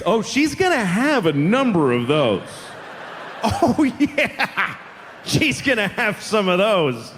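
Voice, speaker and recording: A man doing stand-up on a live stage. His pitch sits a little high for a man and swings widely, from dry asides to shouted punchlines. The hall rings with a long reverb, and a faint room hum runs underneath. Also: slow pace. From Boston. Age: 40s. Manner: deadpan, building to loud acted-out bits. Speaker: stand-up comedian. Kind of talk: stand-up comedy set. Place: comedy venue on stage.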